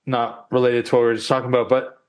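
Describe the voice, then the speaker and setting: A man's voice: mid-range voice, flat delivery, fast talker. A man co-hosting a podcast in casual chat, rambling and peppering his talk with "like" and the odd curse. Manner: rambling, heavy on "like" fillers, casual swearing. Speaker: podcast co-host.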